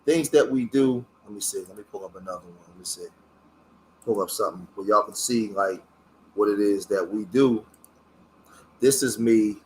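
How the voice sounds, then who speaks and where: A middle-aged man, a community activist, talks casually on his own livestream, halting and searching for words with many fillers, earnest about his past. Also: fairly low pitch, slight background noise. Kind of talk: casual livestream talk while showing photos.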